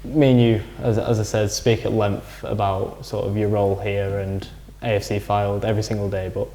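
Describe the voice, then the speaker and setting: A man's voice: lowish voice, little pitch movement, normal speed, dark tone. A man interviewing a football coach, asking conversational questions. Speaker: club media interviewer.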